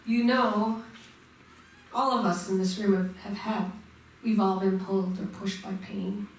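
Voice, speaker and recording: A woman's voice: mid-range voice, steady tone, measured pace, far from the mic, a little hiss or hum. Woman minister preaching in an echoey church. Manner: engaging, asks the congregation questions. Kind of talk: sermon. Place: church sanctuary. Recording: echoey church room, mic from afar.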